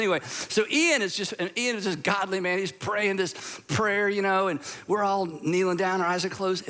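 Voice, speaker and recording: Bright-voiced older pastor. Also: male voice, high voice. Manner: storytelling, conversational with asides. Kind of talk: sermon.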